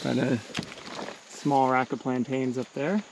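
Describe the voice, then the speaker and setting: Gravelly-voiced man walking a farm, easygoing, pointing out crops, with insects buzzing loudly behind him outdoors. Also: mid-range voice, unhurried. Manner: relaxed, points out plants as he walks. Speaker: farm owner giving a tour. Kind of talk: casual walking tour. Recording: outdoor noise with insects and crickets.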